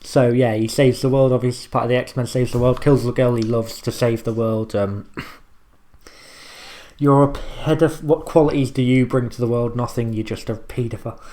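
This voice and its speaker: A man's voice: medium pitch, steady tone, moderate pace, warm tone. Rambling young man reacting. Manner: rambling, explains lines, swears casually. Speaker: reaction video host. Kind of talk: casual reaction commentary.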